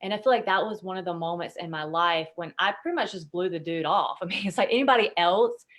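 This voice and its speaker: Low-voiced woman, candid podcast guest. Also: fast talker, fairly bright tone. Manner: emotional, swears freely, many fillers. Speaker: podcast guest, intuitive consultant. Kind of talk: candid conversational storytelling.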